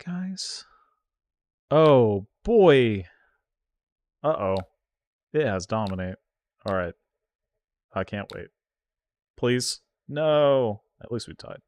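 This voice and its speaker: A man streaming himself playing an online card game, reacting out loud with yelps and groans and talking to his viewers. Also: on the low side, no room sound. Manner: excitable, groans and yelps at the game, talks to chat. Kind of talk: live gameplay commentary.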